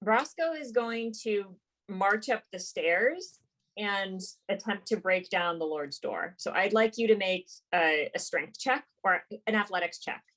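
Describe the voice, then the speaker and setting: A woman narrating as game master of a tabletop game, relaxed and halting with frequent fillers. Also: medium pitch. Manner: relaxed, hesitant narration with many ums and likes.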